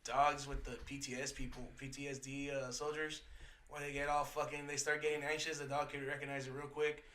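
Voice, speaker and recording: A man's voice: mid-range voice, level tone, brisk, pushed and bright, roomy sound. A man co-hosting a podcast who jokes crudely in casual banter. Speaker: podcast co-host.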